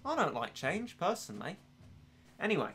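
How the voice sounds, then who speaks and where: A young English man chatting casually while he streams a game, rambling and joking at his own expense. His voice is bright and sits on the high side for a man. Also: huge pitch swings, moderate pace, husky. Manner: rambling, self-deprecating, laughs often. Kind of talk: casual gaming commentary.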